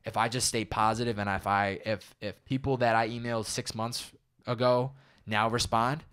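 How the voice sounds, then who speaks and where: A man's voice: mid-range voice, fairly even intonation, moderate pace, a bit bright, clean tone. A young man, a podcaster guest, talking casually and candidly in an interview, rambling a bit and acting out quoted lines.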